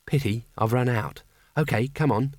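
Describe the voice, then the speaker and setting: A fierce young swordswoman, as a male narrator puts her on, clipped and businesslike. Her voice sits at a middling pitch, read close in a dry space with no room sound. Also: moderate pace, a little mellow, no room sound, close to an everyday voice. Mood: wistful. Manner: curt and matter-of-fact. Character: fierce, brisk young woman fighter.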